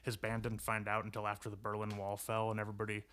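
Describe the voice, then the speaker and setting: A man's voice: lowish voice, monotone, fast talker, a bit bright. A young man co-hosting a casual podcast, rambling through stories with frequent laughter and swearing. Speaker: podcast co-host.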